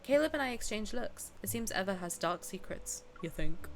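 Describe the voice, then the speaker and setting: A woman's voice: mid-range voice, animated, brisk, a little hiss or hum. Playful young woman streamer. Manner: playful, blunt, chatty with viewers. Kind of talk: reading game text aloud and chatting with viewers. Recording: game music playing behind.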